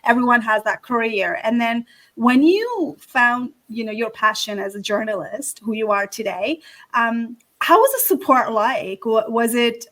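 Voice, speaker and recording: A woman's voice: a little high, animated, unhurried, fairly bright tone, low-quality recording. A woman from Nepal, hosting a podcast and eagerly asking her guest questions. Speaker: podcast host. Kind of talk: interview questions.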